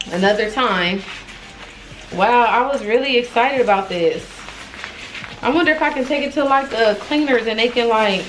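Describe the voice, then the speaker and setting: A young woman chatting casually, expressive and exclaiming, talking straight to viewers. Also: fairly high pitch, poor audio. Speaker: fashion vlogger. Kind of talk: casual try-on haul chat.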